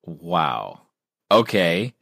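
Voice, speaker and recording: A man's voice: sits low, big pitch swings, drawn-out words, vocal fry, a bit bright, dry recording, clean studio sound. A man hosting a podcast interview who interrupts his guest eagerly and asks his questions with enthusiasm. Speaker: podcast host.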